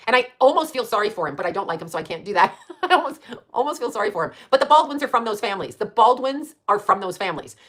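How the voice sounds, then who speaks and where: Woman near sixty, channel host; rapid-fire, foul-mouthed, combative rambling with a laugh in it. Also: medium pitch, a bit bright. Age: late 50s. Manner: blunt, profane, combative; quick, rambling, laughs at her own jabs. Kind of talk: casual live-stream rant.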